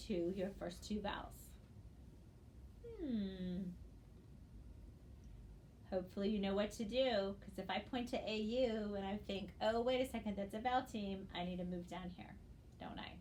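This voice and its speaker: A woman teaches a recorded phonics lesson in a mid-range voice. She talks slowly and patiently, spelling out letters one by one. A faint hiss sits under the recording. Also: medium pitch.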